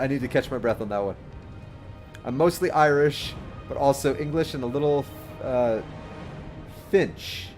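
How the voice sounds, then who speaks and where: A man doing livestream commentary over a video game, joking, giggling often and shouting out during fights. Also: medium pitch. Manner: giggly, jokey, loud exclamations in fights. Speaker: game streamer.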